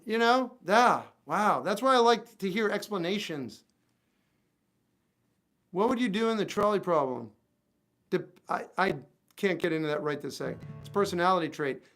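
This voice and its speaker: High-pitched guy on a guitar livestream, reading chat and firing back dry snarky asides, guitar loud in the background. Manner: wry, talks back to chat, exasperated asides. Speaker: livestream musician. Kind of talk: casual livestream chat reading viewer comments. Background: acoustic guitar playing.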